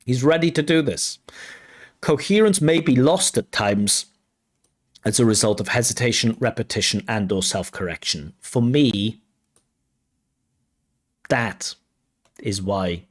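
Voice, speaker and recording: A man working as a language test examiner, giving spoken feedback in a measured, think-aloud way and correcting himself as he goes. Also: mid-range voice, lively intonation. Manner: measured, reads out band descriptors and questions them.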